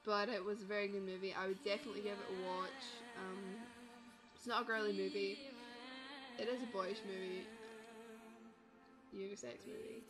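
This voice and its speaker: A woman's voice: mid-range voice, little pitch movement, moderate pace, long pauses. Woman vlogger, casual talk-to-webcam review, rambling and chatty, music underneath. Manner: rambling, chatty, self-deprecating. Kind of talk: casual movie review vlog.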